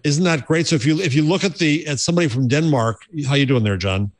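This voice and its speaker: A man's voice: on the high side, quick pace, no echo. A man co-hosting a tech podcast, chatting casually and telling stories with lots of restarts. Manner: animated storyteller, restarts phrases. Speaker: podcast co-host.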